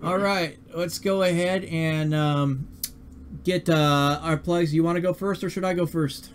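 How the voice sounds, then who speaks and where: A man's voice: on the high side, steady tone, slight background noise. A man hosting a live-streamed talk show, speaking casually and often stumbling over his words. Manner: halting, repeats words and restarts. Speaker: podcast host.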